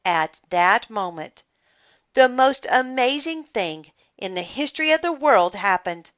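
Bright, animated woman reading a storybook. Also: a little high, a little slow, lo-fi sound. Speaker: children's book reader. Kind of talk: reading a children's book aloud.

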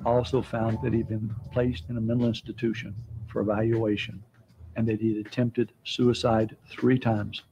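A man's voice: fairly low pitch, level tone, moderate pace, gravelly, dark tone, slight background noise. A man, a private investigator, plainly recounting events in a documentary interview. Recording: dull archival interview audio.

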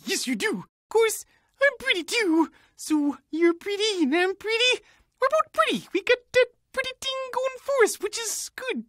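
A squeaky, giddy cartoon cat. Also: female voice, bright, forceful tone, dry recording, clean studio sound, heavily acted. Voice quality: squeaky, with playful broken grammar. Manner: bubbly, sing-song, repeats her own names in rapid chants. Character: chatty, cheerful cartoon cat, silly and excitable. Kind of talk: cartoon voice acting.

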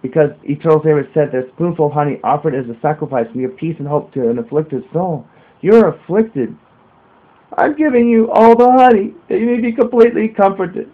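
A man's voice: a little high, fairly quick, close to an everyday voice. A man voicing a devout young boy who speaks eagerly and pleadingly. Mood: earnest. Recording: narrow phone-like sound.

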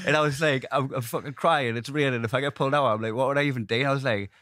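A man's voice: mid-range voice, steady tone, racing, fairly bright tone, no room sound, clean studio sound. Geordie man telling a sweary story. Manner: sweary, laughs through stories, lots of "right?". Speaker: comedian guest. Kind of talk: casual storytelling chat. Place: podcast studio.

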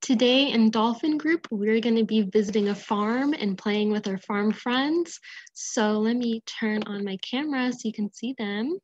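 A woman teaching a preschool class online with puppets, talking in a gentle, encouraging way into a webcam microphone with dull lo-fi audio. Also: a little high, a little slow.

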